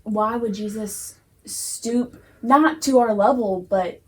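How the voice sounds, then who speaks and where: A woman co-leading a casual Sunday school discussion, playful and quick to laugh. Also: a little high.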